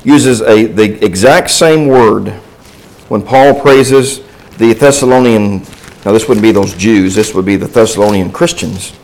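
A man's voice: lowish voice, measured pace, a little mellow, low-quality recording. Man teaching a Bible class. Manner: asks the class questions and answers them himself; conversational, with restarts and asides.

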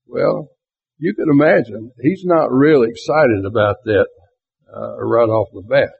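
Over a tinny, phone-like lo-fi recording, a man teaches a Bible class conversationally, asking his listeners rhetorical questions. His mid-range voice is slightly rough, with vocal fry.

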